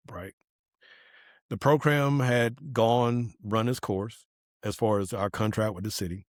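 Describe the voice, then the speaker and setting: A man speaks in a fairly low voice, telling a personal testimony with earnest feeling. He acts out the lines of the people in his story. The recording is dry and close. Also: unhurried, dry recording. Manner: earnest storytelling, acting out quoted dialogue. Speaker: podcast guest. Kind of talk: personal testimony in casual conversation.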